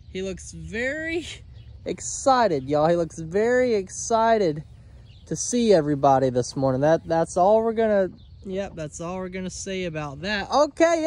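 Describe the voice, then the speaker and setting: A man chatting casually to viewers outdoors on a farm, coaxing his goats in a gentle sing-song. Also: high-pitched. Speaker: homesteading vlogger. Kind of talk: casual vlog chat.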